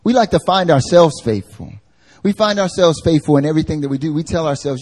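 A man preaching a live church sermon, animated and conversational, acting out everyday voices. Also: a little high, fast. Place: church service.

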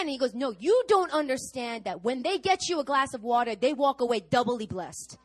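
A woman's voice: high voice, normal speed, few pauses. A middle-aged woman pastor preaching a sermon, telling stories to her congregation and acting out the people she quotes. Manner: animated storytelling to a congregation, acting out quoted voices.

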